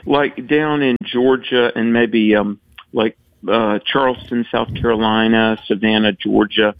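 A man's voice: mid-range voice, steady tone, unhurried, no echo. Southern male radio guest, chatty raconteur, dry muffled line. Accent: Southern American. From American South. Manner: chatty storyteller, laughs often. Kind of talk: radio phone-in chat.

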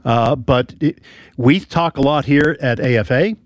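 A man hosting a casual panel discussion, talking in a halting way with frequent restarts. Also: mid-range voice, dry recording, studio quality. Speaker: talk show host.

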